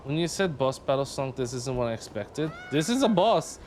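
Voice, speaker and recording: A man's voice: mid-range voice, sing-song, moderate pace, darkish tone, a little hiss or hum. A man streaming a game live, chatting casually and playfully with viewers and humming tunes between remarks. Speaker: livestreamer.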